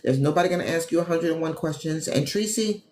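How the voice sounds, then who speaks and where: Her voice sits low and her pace is quick as this Gary, Indiana travel agent and business coach chats warmly on a livestream. Animated and casual, she talks straight to viewers as "y'all," recorded in an echoey room with faint ambience and slight hiss or hum.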